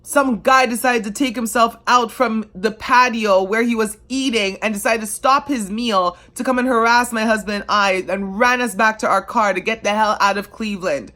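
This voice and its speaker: Bright and forceful, this woman's fairly high voice moves at a moderate pace with few pauses. She's from Canada and tells the camera, passionately and emotionally, about being a devoted sports fan, talking casually with plenty of fillers.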